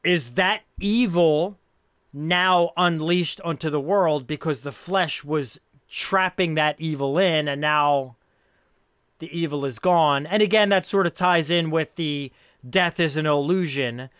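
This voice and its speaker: A man's voice: a little high, measured pace, fairly bright tone, clear, resonant tone, no echo, studio quality. A man hosting a casual film podcast, rambling and thinking aloud, laughing often as he talks. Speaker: podcast host.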